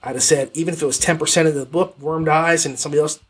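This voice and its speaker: A male podcast host reviews audiobooks in loose, unscripted chat. His voice is slightly husky and sits a little high for a man. He rambles and stumbles through fillers and restarts as he goes. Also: racing. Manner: rambling, animated, self-correcting with many fillers. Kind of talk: casual spoken review.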